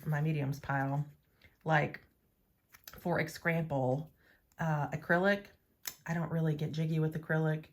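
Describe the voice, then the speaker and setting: Chatty, playful woman with low voice. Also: a little hiss or hum. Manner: chatty, playful, talks to herself while working. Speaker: nail art vlogger. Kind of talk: casual chat to camera.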